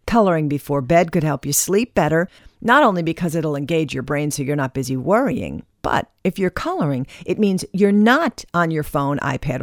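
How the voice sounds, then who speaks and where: A woman reading a scripted self-help monologue in a wry, chatty way with lively asides. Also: low voice, dry recording, clean studio sound.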